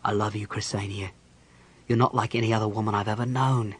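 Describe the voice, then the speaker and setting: A man reading the part of a big, brooding warrior general in an audiobook, gruff and growling. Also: medium pitch, moderate pace, darkish tone, pitched above the performer's own voice, natural voice. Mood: pleading.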